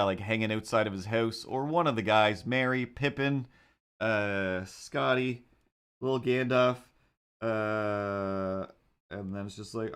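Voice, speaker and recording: A man hosting a casual livestream as a cartoonist, talking in a rambling, excitable way with lots of fillers. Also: medium pitch, clean tone.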